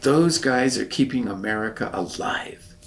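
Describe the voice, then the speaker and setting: A man's voice: mid-range voice, lively intonation, unhurried, a bit bright. An older man, a veteran, speaking earnestly and reflectively in an oral history interview.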